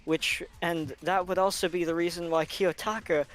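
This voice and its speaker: A man in a voice chat game eagerly pitching a theory, halting and restarting as he thinks. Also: fairly even intonation, a bit bright. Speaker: game player. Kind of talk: casual voice chat.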